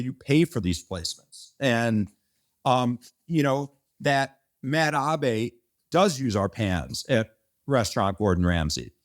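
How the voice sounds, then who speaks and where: Man, company founder, casual interview guest, rambling storyteller, mid-pitched voice, animated delivery. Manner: rambling and animated, frequent restarts and mild swearing.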